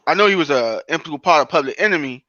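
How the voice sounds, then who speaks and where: A man's voice: a little high, expressive, rapid-fire, sharp tone, dry recording, muffled recording. A man co-hosting a casual podcast chat, talking earnestly and explaining at length.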